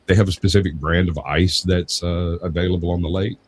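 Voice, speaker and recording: A deep-voiced man from Georgia with a Southern accent tells a rambling story in a casual podcast chat, speaking fairly quickly. He gets animated when quoting others, and there's slight background noise.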